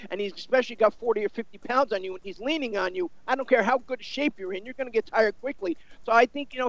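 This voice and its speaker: A man's voice: sits high, no echo, lo-fi sound. A man giving casual, rambling boxing analysis, filling his talk with many you-knows. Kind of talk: casual sports discussion.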